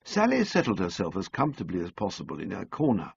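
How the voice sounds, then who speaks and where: A man narrating an audiobook in a measured, dryly comic storytelling manner, on a close studio mic. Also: low voice, wildly swooping pitch, gravelly, slightly rough, dry recording, muffled recording.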